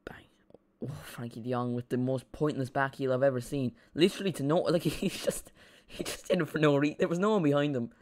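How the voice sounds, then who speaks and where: A young Irish man chatting and rambling excitably through a live football watch-along stream. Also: medium pitch, a little fast, few pauses.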